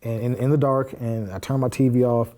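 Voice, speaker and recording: A man with a mid-range, mellow voice talks fairly quickly and steadily as a podcast guest, casually recounting a personal story. He voices the dialogue he's quoting, keeping it blunt and simple, with frequent fillers and curses.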